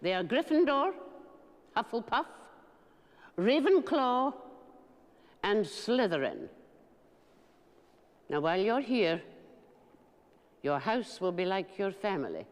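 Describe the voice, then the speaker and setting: Strict old lady professor, slow and formal, lively pitch, big hall echo and music behind. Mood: stern. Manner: crisp, formal, measured address. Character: stern older woman professor, strict and formal. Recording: film clip with score, reverberant hall. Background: orchestral music.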